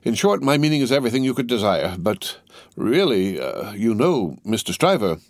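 A man's voice: on the low side, very animated, moderate pace, no echo, voice pushed up. A man voicing a mild, fussy older bank clerk who speaks politely, hesitating and stammering.

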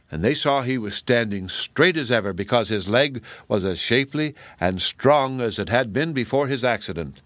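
A man reading a children's storybook aloud as a calm, measured audiobook narrator. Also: fairly low pitch, no room sound. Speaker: audiobook reader.

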